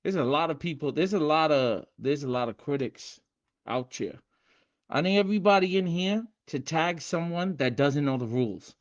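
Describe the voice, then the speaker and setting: A man hosting a casual livestream, hyped and streetwise, repeating himself and shouting out viewers by name. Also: a little high, lively intonation, normal speed, muffled recording. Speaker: livestream host teaching game rules.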